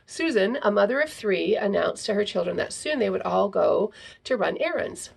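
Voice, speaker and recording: A woman's voice: medium pitch, expressive, normal speed, creaky, breathy edge. A woman hosting a parenting talk, explaining in a casual teaching style and tagging her points with "right?". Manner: frequent "right?" tags, reads aloud from a book. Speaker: parenting podcast host.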